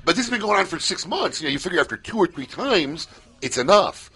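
A man co-hosting a live radio talk show in a studio, telling stories in an animated way. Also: sits high, fast, slightly rough. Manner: animated storyteller, acts out shouting bits. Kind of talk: casual radio chat.

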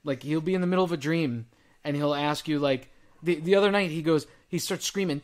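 Male co-host, thirties, higher-pitched, chatty dad storyteller. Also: brisk. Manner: animated storyteller, mimics his kids. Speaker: podcast co-host. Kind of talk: casual chat.

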